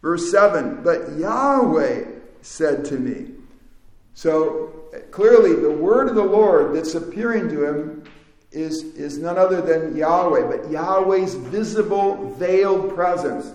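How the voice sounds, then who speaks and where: A man's voice: fairly high pitch, expressive, slow, a little mellow. A man giving a lecture, reading verses aloud and then explaining them, with small restarts as he talks. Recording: echoey room.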